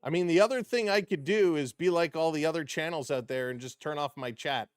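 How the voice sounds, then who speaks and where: Casual higher-voiced man calling hockey live. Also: brisk, clear, resonant tone, no echo, studio quality. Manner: casual, chats with viewers between calls; rises sharply in pitch and volume on big plays. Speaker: streamer doing play-by-play. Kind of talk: live stream hockey play-by-play.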